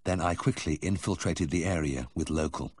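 A man reading a memoir aloud as audiobook narration, telling the story in a measured first-person voice. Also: a bass voice. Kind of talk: scripted narration.

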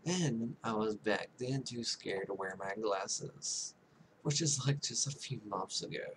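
A man casually commentating a game he is playing, soft-spoken and rambling, making fun of himself. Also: fairly low pitch, a little slow, slight background noise. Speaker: gaming YouTuber. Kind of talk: casual let's-play commentary.

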